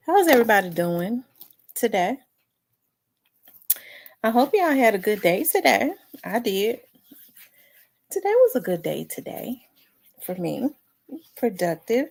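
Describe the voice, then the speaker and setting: Woman, casual livestream chat, unhurried pace, a little winded, greets viewers by name. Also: mid-range voice, big pitch swings. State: out of breath. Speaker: livestream host.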